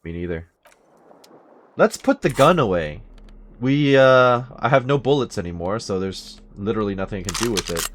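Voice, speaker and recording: A man's voice: on the low side, expressive, moderate pace, a little hiss or hum. A man casually commenting on a video game as he plays, reading dialogue aloud with chatty, jokey asides. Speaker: let's play host.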